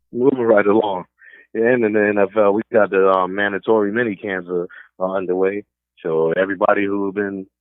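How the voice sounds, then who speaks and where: A man's voice: fairly low pitch, no room sound. A man from New York with a New York accent, hosting a casual sports talk radio show in a streetwise, opinionated way. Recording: dry, phone-like narrow band.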